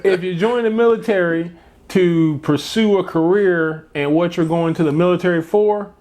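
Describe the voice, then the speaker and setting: A man's voice: high-pitched, normal speed, darkish tone. A man co-hosting a casual chat, a military veteran who talks in a laid-back, slangy way and laughs often.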